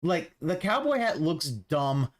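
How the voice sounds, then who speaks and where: A man's voice: on the high side, sing-song, slow pace. A man commentating over a stream, mocking the streamer in a profane, sarcastic rant.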